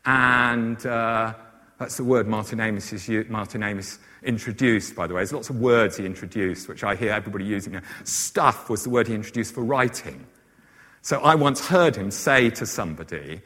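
A man's voice: fairly low pitch, normal speed, bright, forceful tone. A man giving a chatty, informal lecture on novels, with many fillers and asides. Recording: long hall reverb.

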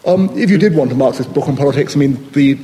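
A man's voice: mid-range voice, quick pace, warm tone, in a large hall, slight background noise, low-quality recording. A man answering a question on a panel in an academic discussion, hesitant and thoughtful, with many fillers and restarts.

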